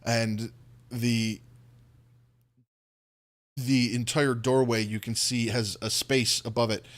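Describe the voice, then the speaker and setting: Guy dm-ing a tabletop game, slow descriptive scene-setting, middle pitch. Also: level tone. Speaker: dungeon master.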